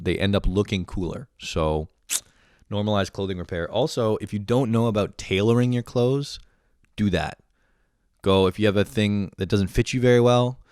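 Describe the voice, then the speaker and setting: A man's voice: fairly low pitch, clear, resonant tone, dry recording, clean studio sound. A young man ranting casually to camera, profane and rambling, often laughing at himself. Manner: profane, rambling, self-deprecating. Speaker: vlogger. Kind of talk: casual rant.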